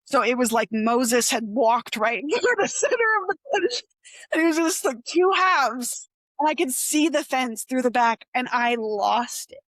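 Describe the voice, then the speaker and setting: A woman's voice: unhurried, dry recording. A young woman telling a personal story as a podcast guest, rambling with lots of 'like' and acting out the voices she quotes. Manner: rambling, heavy use of 'like', animated retelling; acts out quoted voices with sharp pitch jumps. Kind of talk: candid conversational interview.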